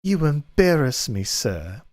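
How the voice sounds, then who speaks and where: A man's voice: fairly high pitch, sing-song, slow pace, a little mellow, dry recording, clean studio sound, voice pushed up. A man putting on a coy, bashful lizard maid. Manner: prim, mock-bashful, overacted. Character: timid female lizard-folk maid, coy. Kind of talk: comic dramatic reading.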